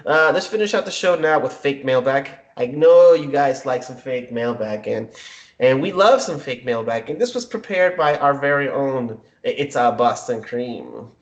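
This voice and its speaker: A man's voice: medium pitch, animated, moderate pace. A man hosting a casual podcast, joking and rambling with plenty of fillers. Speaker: podcast host.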